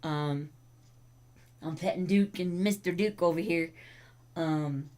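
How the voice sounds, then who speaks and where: A woman's voice: fairly low pitch, takes it slowly, warm tone. A woman hosting a casual livestream, chatting with viewers and breaking off to talk to her dogs. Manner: chatty, talks to her dogs and chat between thoughts. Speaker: livestream host.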